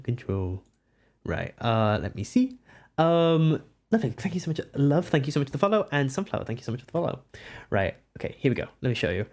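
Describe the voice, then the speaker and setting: Giggly young Welsh streamer, lively pitch. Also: a little fast. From Wales. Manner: giggly, rambling, chats to viewers. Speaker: art streamer. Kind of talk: casual live-stream chat.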